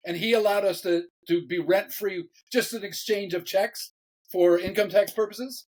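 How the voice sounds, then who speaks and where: Animated male pastor telling a story. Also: sits high, normal speed, poor audio. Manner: animated, repeats words, laughs while telling. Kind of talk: casual storytelling interview.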